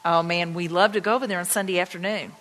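A woman pastor telling personal stories in a conversational, excited sermon to her congregation. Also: fairly low pitch, fast. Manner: conversational, anecdotal, excited retelling. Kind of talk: storytelling sermon. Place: church sanctuary. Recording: long church-hall reverb.

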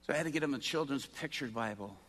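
A man preaching, retelling a story in a quiet, hushed voice and building to loud, emphatic preaching. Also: medium pitch, lively intonation, fast talker. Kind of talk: sermon storytelling.

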